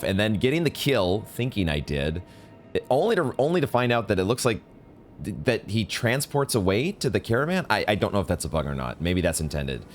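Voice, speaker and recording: A man's voice: low-pitched, a little hiss or hum. A man giving live commentary on a video game he is playing, exasperated, swearing and restarting his sentences, with game music behind him. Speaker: gaming streamer.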